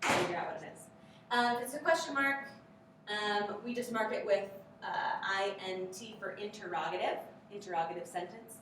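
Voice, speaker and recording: A woman's voice: mid-range voice, normal speed, background noise. A woman training teachers in a workshop lesson, upbeat and drilling rhythmic grammar chants. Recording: very echoey room, mic far off.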